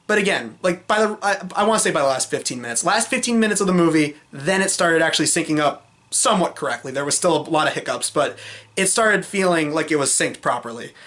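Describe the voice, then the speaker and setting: A man talking through a film in a loose, off-the-cuff review vlog. His voice sits a bit high, and he hedges and restarts as he goes, blunt and fed up with the weak parts. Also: fairly bright tone. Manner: rambling, with many fillers and restarts; frank, exasperated criticism.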